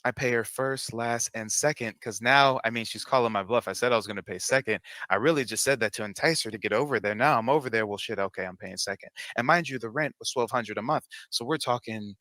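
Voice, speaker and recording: A man's voice: medium pitch, fast talker, hardly any pauses, pushed and bright, no echo. A man casually retelling a personal story in a played clip, candid and profane.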